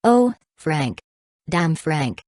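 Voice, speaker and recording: A woman's voice: deep voice, very animated, very slow, darkish tone, dry recording, clean studio sound, heavily acted. A woman voicing a friendly, chatty adult male bartender in an audiobook.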